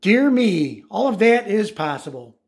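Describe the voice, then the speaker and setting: A man reading aloud, voicing a huffy, bossy female fairy godmother in a brisk, indignant way. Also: sits high, sing-song, heavily acted.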